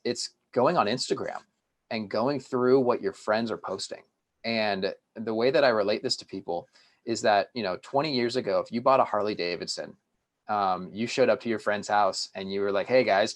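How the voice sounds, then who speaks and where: A man's voice: on the low side, moderate pace. A man, a company founder, speaking as a guest on a podcast and telling stories with enthusiasm. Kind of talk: podcast interview.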